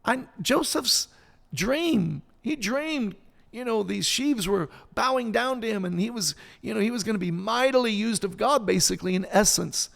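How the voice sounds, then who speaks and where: A man's voice: high voice, animated, normal speed, creaky, a bit bright, long reverb tail. A man in his sixties, a pastor, preaching with passion on a podcast and building emphasis through repetition. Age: 60s. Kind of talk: sermon-style podcast talk.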